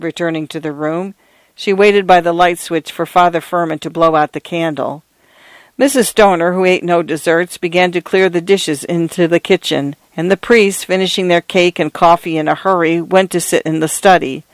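A man's voice: fairly high pitch, fairly even intonation, normal speed, no echo. Man reading a story, dry close sound. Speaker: narrator.

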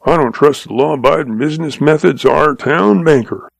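A man voicing a shrewd, calm old cowboy with a drawl, patient and amused. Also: a little high, fairly quick, vocal fry, no room sound. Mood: sly calm. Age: older.

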